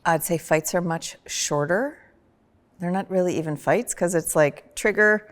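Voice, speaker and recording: A woman chatting on a podcast, telling personal stories in an animated way with sudden loud vocal bursts. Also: fairly low pitch, measured pace. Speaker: podcast guest, host's wife. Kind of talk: casual personal conversation.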